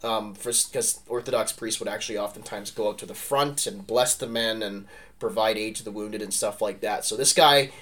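Rambling and lively, this male podcast co-host talks history casually, sprinkling "like" and "right?" throughout. He has a lowish voice and keeps a moderate pace.

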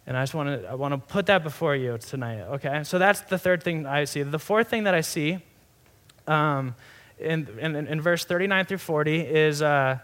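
A man's voice: fairly high pitch, moderate pace, fairly bright tone. A young adult man giving a sermon in a conversational, earnest way, often restarting phrases and saying "like". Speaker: pastor.

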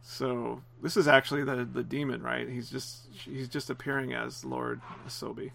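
A man's voice: mid-range voice, level tone, moderate pace, creaky, background noise. A man casually commenting on a film as it plays, explaining scenes and chuckling often. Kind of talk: casual watch-along commentary.

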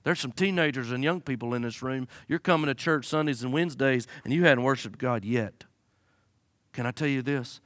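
A man preaching a sermon as a pastor, swinging from loud high-pitched fervor to quiet, low pleading and using folksy humor. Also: fairly quick, no echo, studio quality. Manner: folksy humor, acts out his listeners' excuses.

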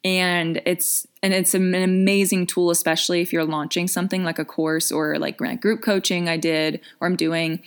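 Chatty young woman coach, lowish voice. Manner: chatty, filler-heavy, frequent restarts. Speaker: business coach. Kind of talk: casual advice vlog.

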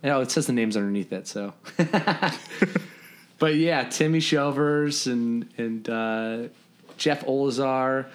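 A man's voice: mid-range voice, slow. A man in his forties, a podcast guest, telling old camp stories in a casual chat, laughing often and filling gaps with ums. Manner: animated storyteller, laughs through anecdotes, many fillers. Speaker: podcast guest, former camper and counselor.

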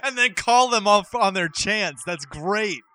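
An excitable man chats casually while reacting to footage and laughs easily. His pitch moves a lot and his tone is bright. He keeps the talk loose and eager. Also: a little slow. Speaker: co-host reacting to wrestling.

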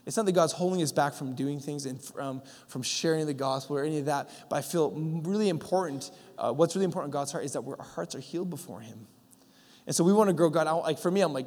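A young man giving a sermon in a relaxed, storytelling way, full of fillers and acted-out lines. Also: on the high side, fast talker. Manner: casual storytelling with fillers, acting out God's voice. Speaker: pastor. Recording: long hall reverb.

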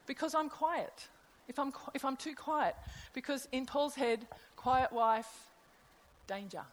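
Woman giving a sermon, kinda high voice, chatty, lots of questions to the crowd, long echo. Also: measured pace. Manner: conversational, asks the audience rhetorical questions. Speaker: preacher. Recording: long hall reverb.

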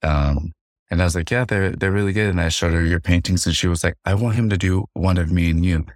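A young man with a very low voice carries this casual podcast chat, retelling stories with lively energy and jumping into high-pitched imitations for other people's lines. The sound is close and dry. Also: brisk, no echo. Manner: animated storyteller, mimics others in a high voice. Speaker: podcast co-host. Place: a room at home.

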